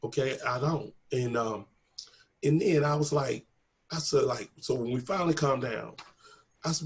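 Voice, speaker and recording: A man's voice: mid-range voice, normal speed. A middle-aged man earnestly retelling a personal story in a casual, emotional way, acting out quoted dialogue. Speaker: guest telling his story.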